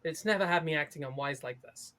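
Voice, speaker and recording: A man voicing a blunt, unimpressed woman soldier in a flat, hushed voice. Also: fairly high pitch, fast talker. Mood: deadpan.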